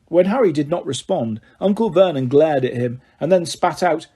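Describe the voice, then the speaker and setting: Male audiobook narrator, measured, husky mellow tone. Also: fairly high pitch, expressive. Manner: measured storytelling. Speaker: audiobook reader. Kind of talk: novel narration.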